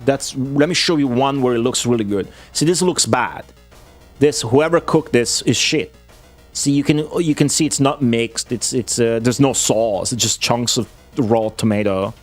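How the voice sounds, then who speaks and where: During a casual livestream, a male streamer goes on a blunt, excitable rant laced with profanity. He speaks at a normal speed in a mid-range voice, with faint music playing behind him.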